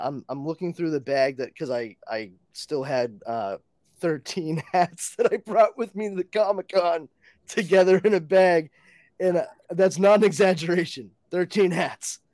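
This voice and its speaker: A man hosting a podcast, telling animated stories in casual chat and swearing freely. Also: on the high side, no echo, clean studio sound. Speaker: podcast host.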